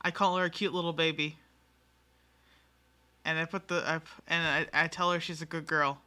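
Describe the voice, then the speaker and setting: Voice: medium pitch, steady tone, moderate pace, sharp tone, clear, resonant tone. A game streamer in a casual live-stream chat with viewers, rambling and self-mocking, giggling often and swearing freely.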